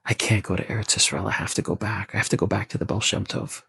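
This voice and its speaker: A man voicing an anxious male traveler who worries in a hushed, half-whispered way, with a gravelly, husky voice. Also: on the low side, fairly even intonation, fast, dry recording, full character voice. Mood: panicked.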